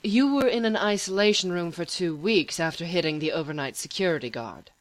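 Smooth, calm male therapist, read by a woman. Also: fairly low pitch, fairly quick, no echo, natural voice.

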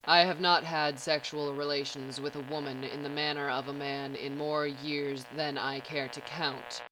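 A woman reading the lines of a cyborg man with a flat, deadpan synthesized voice. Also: low voice, unhurried, noisy background.

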